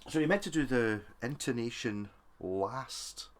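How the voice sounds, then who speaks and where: A man's voice: medium pitch, expressive, unhurried. A man thinking aloud in chatty, self-mocking commentary while he works on a guitar. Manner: chatty and self-mocking, talks while working with his hands. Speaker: guitar tinkerer, video maker.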